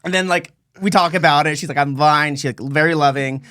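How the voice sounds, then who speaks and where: A young man co-hosting a podcast, telling a long personal story in casual chat, acting out other people's voices with sudden high jumps. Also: a little fast, dry recording, studio quality. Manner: animated storyteller, acts out voices with big pitch jumps. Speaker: podcast co-host.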